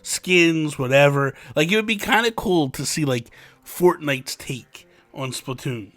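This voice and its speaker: A man co-hosting a casual gaming podcast, chatty and excitable, full of fillers. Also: on the high side, a little slow. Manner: chatty, excitable, many fillers like "like" and "you know". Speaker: podcast co-host.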